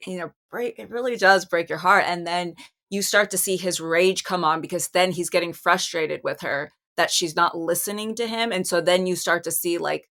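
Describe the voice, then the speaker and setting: A woman guest on a casual film podcast talks through a scene, filling her sentences with "like." Her voice sits low for a woman. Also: normal speed, fairly bright tone. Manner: talkative, many fillers. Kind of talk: casual film review chat.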